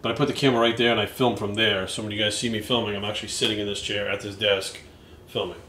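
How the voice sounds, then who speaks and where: A young man chatting casually in a vlog, cursing often and getting excitable. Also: on the low side, fast talker, a little hiss or hum. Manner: profane and excitable, talks baby talk to his dog. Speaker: bodybuilding coach and vlogger.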